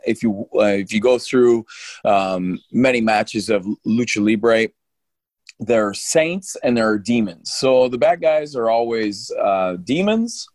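A man's voice: mid-range voice, a little mellow, no room sound. A man from Canada co-hosting a podcast, talking in a loose, rambling way with frequent restarts. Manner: rambling, many fillers and restarts. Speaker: podcast co-host. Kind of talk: casual podcast chat.

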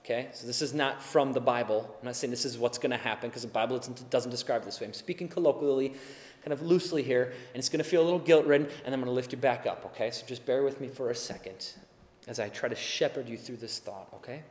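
A man preaching a sermon as pastor, earnest, swinging from hushed, slow asides to loud shouted urging. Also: medium pitch, roomy sound, in a large hall.

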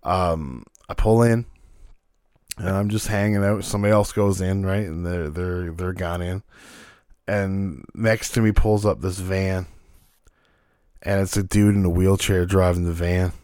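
A man's voice: low-pitched, fairly even intonation, unhurried, a little mellow, smooth, no room sound, studio quality. A man guesting on a podcast, laid-back and joking, swearing casually. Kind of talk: casual chat.

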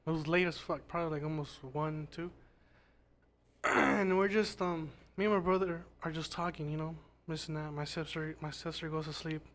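A man's voice: a little high, steady tone, normal speed, fairly bright tone. A man telling a ghost story in casual, rambling podcast chat, swearing often and restarting his sentences. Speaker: podcast guest.

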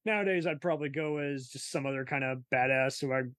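A man's voice: medium pitch, fast talker, a bit bright, dry recording. Joking man hosting a casual chat. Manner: joking, suggests ideas, laughs often. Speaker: podcast host.

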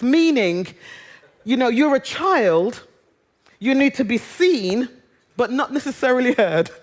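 A British woman preaching a sermon in a conversational, humorous way, drawing out quoted lines and song words. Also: high voice. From Britain.

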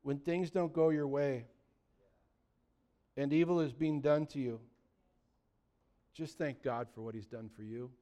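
Smooth-voiced animated male preacher. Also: on the high side, a little slow, pauses often. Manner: animated storytelling, acting out voices, swinging from loud to quiet. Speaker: pastor. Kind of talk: sermon.

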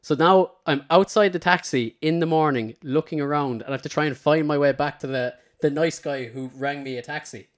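A man's voice: brisk, hardly any pauses. Swearing man telling a story. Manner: animated, swearing, acts out his own past remarks in a low mutter. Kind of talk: casual storytelling chat.

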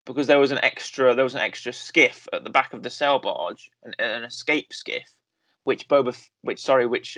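A man co-hosts a podcast, casually reviewing a series while rambling, correcting himself often and using lots of fillers. His mid-range voice is a bit bright, with no room sound.

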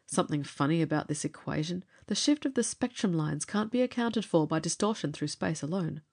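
A woman's voice: deep voice, animated, a little fast, vocal fry, darkish tone, slightly rough, heavily acted. Brief: earnest, anguished young male scientist, read by a woman narrator for an audiobook. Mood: excited. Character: brilliant young male scientist, intense and driven. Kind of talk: audiobook character reading.

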